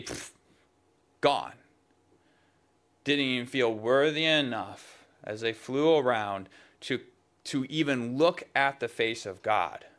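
A man preaching a sermon in a conversational, emphatic way, dropping suddenly to soft, low asides.

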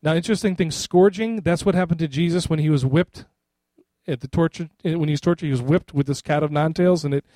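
A middle-aged male pastor preaching in a loose, chatty way, forever asking his church "right?". His voice sits a little high but sounds mellow and soft-edged. The recording is dry and close, with no room echo. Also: a little fast. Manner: conversational, repeats "right?" to the congregation. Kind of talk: sermon.

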